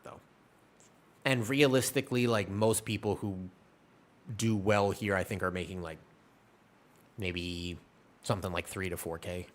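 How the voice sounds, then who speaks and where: Guy streaming and just rambling to chat, kinda low voice, super casual. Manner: rambling, chatty, answers chat questions. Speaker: game streamer.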